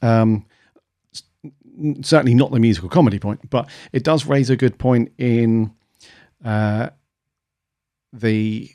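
Brief: male co-host, mid-low voice, rambling with fillers, dry mic. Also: a little slow, long pauses, dark tone, no echo. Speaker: podcast co-host. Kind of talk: casual chat.

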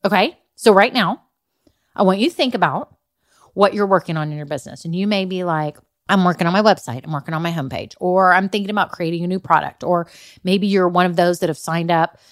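A woman's voice: fairly low pitch, fairly quick, no echo, studio quality. A woman hosting a solo business podcast, chatty and upbeat, who calls her own way of talking old-school Valley girl and keeps checking in with the listener. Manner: chatty, upbeat, talks straight to the listener with "okay" and "right". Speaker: podcast host and business coach.

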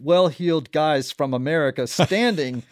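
A man hosting a casual interview, telling stories in an animated way and laughing often. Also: fairly high pitch, normal speed, dry recording, studio quality. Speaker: podcast host.

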